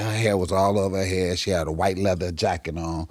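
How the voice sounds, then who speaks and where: Brief: male comedian with a low voice and a dry, close sound, spinning animated and profane stories. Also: a little fast, dry recording. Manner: animated, profane, acts out the characters in his stories. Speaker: guest comedian. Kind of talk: storytelling in a podcast chat.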